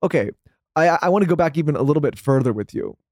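A man hosting a podcast, asking quick follow-up questions and summing up what the guest says. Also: fairly high pitch, expressive, darkish tone, dry recording, studio quality. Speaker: podcast host. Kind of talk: casual interview.

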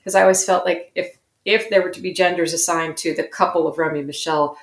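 A woman's voice: lowish voice, fairly even intonation, fast, roomy sound. A woman being interviewed as a guest actor, telling stories in a reflective, self-correcting way. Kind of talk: interview conversation.

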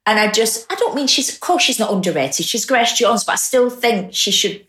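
A woman's voice: on the high side, lively intonation, moderate pace, fairly bright tone. A middle-aged woman, chatting as a podcast guest, enthusiastic and emotional, often restarting her sentences. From North West England. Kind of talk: casual podcast chat. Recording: roomy echo.

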